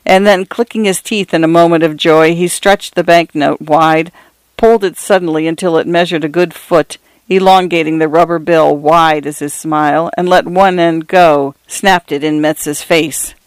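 Lady reading short stories on the radio, smooth and dry, kinda high. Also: fairly even intonation, dry recording. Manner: measured literary reading. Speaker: radio host and reader. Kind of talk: scripted short story narration.

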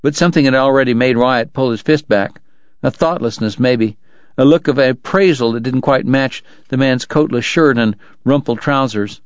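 A man narrating a novel in a steady, measured storytelling voice. The sound is close and dry, with a slightly dull, muffled top end. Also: medium pitch, clear, resonant tone, dry recording. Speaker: audiobook narrator. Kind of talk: scripted narration.

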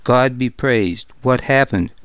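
Casual: narrator doing a stern churchy king in an audiobook, formal and measured, mid pitch, smooth. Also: no room sound, natural voice. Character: stern, pious adult king.

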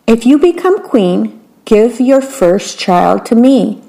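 A woman's voice: fairly high pitch, big pitch swings, slow pace, vocal fry, mellow, exaggerated voice, low-quality recording. A woman voicing a sly little man in a fairy tale reading, coaxing out deals in a matter-of-fact way.

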